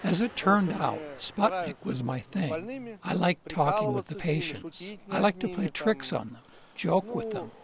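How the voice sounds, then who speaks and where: Gravelly man over crowd noise. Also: high-pitched, very animated, a little slow. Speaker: interpreter voicing an interviewee. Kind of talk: voice-over translation. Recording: loud crowd noise behind.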